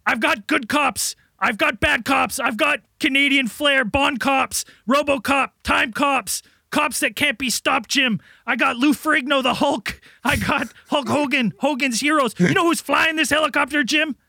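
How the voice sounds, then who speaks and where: Man playing a shrill, gravelly, blustering commander who swears nonstop, in a comedy bit. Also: unhurried, pushed and bright, no echo, studio quality, heavily acted. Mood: frantic. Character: frantic shouting male American commander.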